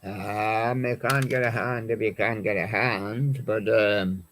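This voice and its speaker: A man's voice: lowish voice, steady tone, takes it slowly, few pauses, a bit bright. A man hosting a live music show, chatting in a rambling way and reading out song titles from his records. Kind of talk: live-stream chat presenting records.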